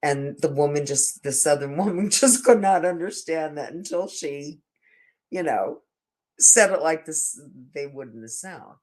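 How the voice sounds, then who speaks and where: A man's voice: fairly high pitch, unhurried, darkish tone. An older man telling a casual, meandering story to his camera, often restarting his sentences and stammering over repeated words. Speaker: vlogger.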